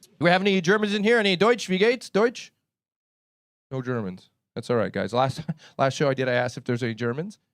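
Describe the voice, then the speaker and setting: A man's voice: medium pitch, lively intonation, fairly quick, dry recording. Brash Canadian man doing stand-up. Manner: brash, profane, laughing at own jokes. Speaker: stand-up comedian. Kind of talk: stand-up comedy set. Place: comedy club stage.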